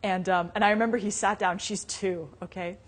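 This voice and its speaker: A woman leads a live meditation class in a loose, conversational way. She scatters asides and easy laughter through her teaching, and her voice sits at a middle pitch. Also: fairly even intonation, a little fast. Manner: casual and conversational, many "you know"s and asides; storytelling with frequent light laughter. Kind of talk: live Buddhist dharma class talk.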